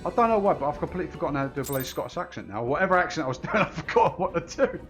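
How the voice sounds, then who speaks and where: Man, streamer, jokey, sarcastic, slightly high voice, faint music. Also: lively intonation, racing, fairly bright tone. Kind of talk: casual gameplay commentary.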